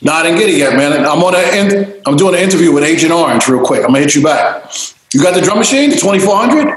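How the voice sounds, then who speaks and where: A man telling stories in a casual interview, animated and freely swearing, acting out voices. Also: a little high, fast talker, heavy reverb, low-quality recording. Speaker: interview guest, DJ and producer.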